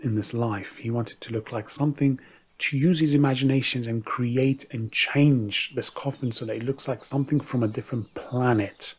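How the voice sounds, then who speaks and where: A male storyteller narrates in a relaxed, chatty voice, turning now and then to the listener. His voice is husky and a little breathy. It sits at a middle pitch. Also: moderate pace. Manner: conversational, asides to the listener.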